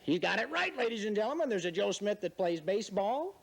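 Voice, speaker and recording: A man hosts a quiz game with a voice a little higher than most men's. He plays it wry and mock-serious and teases the contestants, with the audience in the room. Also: very animated, brisk. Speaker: game show host. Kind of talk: joking quiz-show hosting. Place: in front of a studio audience.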